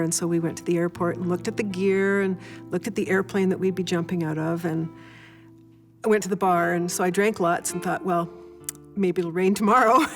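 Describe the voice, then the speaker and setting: An older woman with a fairly low voice tells her story in a documentary interview. She brings each moment to life as she goes, and soft music plays underneath. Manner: vivid storytelling, acts out moments.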